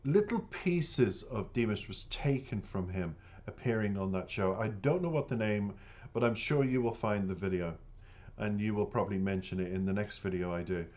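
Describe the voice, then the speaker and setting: A man's voice: on the low side, moderate pace, a little mellow. An Irish man hosting a reaction channel, talking earnestly and indignantly to his viewers and calling them "dears". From Ireland. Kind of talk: casual monologue to viewers.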